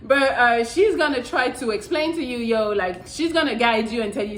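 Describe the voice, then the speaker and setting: Young female vlog host, higher-pitched, blunt and profane, casual delivery, echoey room. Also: normal speed, fairly bright tone. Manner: blunt, profane, repeats "I'm telling you". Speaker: channel host. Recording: roomy echo.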